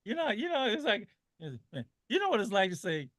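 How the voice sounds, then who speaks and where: In impassioned radio talk, a middle-aged man appearing as a guest keeps repeating and restarting his phrases. His voice is high, sing-song, slightly bright and a touch fast, captured in clean studio sound without echo.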